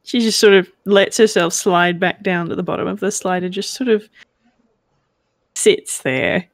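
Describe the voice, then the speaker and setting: A woman narrating as game master in a tabletop game, gently and with laughter. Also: fairly low pitch, steady tone, unhurried, no echo, studio quality.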